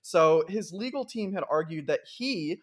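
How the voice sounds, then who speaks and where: A man hosting a casual news podcast. His voice sits a little higher than most, and he talks in a wry, chatty way as he reads out quotes and explains them. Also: animated, normal speed. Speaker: podcast host.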